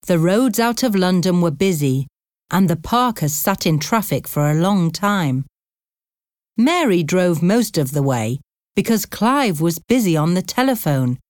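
A woman narrating a graded reader audiobook in a slow, clear, carefully paced way. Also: lowish voice, a little mellow, no echo, clean studio sound.

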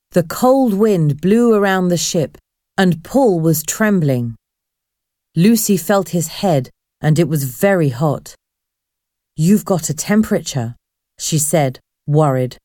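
A woman narrating a storybook in a clear, expressive reading voice. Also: on the low side, slow, no room sound, clean studio sound.

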